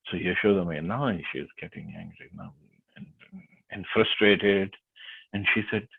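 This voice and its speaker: A man teaching a devotional class, retelling a sacred story with hesitant, lively storytelling, over a tinny phone-like line. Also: fairly low pitch, normal speed, slightly rough.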